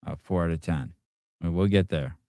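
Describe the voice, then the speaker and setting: A man's voice: low-pitched, moderate pace, warm tone, no room sound, clean studio sound. A man hosting a show, giving casual reaction commentary in a combative, profane rant aimed at his audience and producer. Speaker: podcast host.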